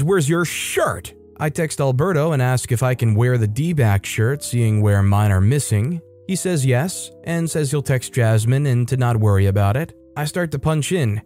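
A man's voice: medium pitch, darkish tone. A man narrating internet stories in a wry, playful scripted style, slipping into mock voices for quoted lines. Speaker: story narrator.

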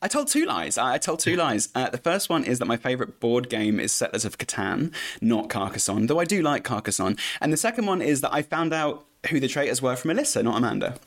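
A man's voice: medium pitch, a little fast, few pauses. British guy guesting on a podcast, jokey, voice all over the place. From United Kingdom. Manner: animated, jokey, laughs often. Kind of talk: casual interview chat.

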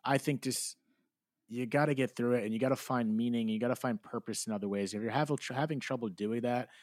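A man's voice: mid-range voice, fast talker, no room sound, studio quality. A man in his thirties from New Jersey, a podcast guest speaking earnestly and candidly in a reflective interview, with casual swearing. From New Jersey, USA.

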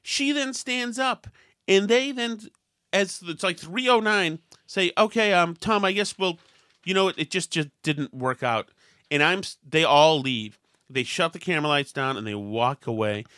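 A man's voice: a little high, measured pace, sharp tone, clean tone, dry recording, studio quality. A man hosting a podcast, telling a self-deprecating story in casual chat and acting out the quotes with lots of animation. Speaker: podcast host.

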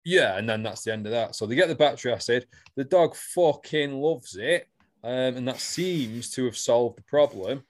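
A man's voice: mid-range voice, expressive, normal speed. A man on a casual chat podcast, animatedly retelling a soap storyline and swearing freely. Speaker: podcast co-host.

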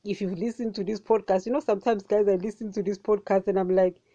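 Woman rambling about her faith on a podcast, keeps saying guys, mellow tone, dry muffled audio. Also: mid-range voice, fast, no echo. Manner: excitable, repetitive, addresses listeners as guys. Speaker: podcast host. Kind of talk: casual devotional podcast talk.

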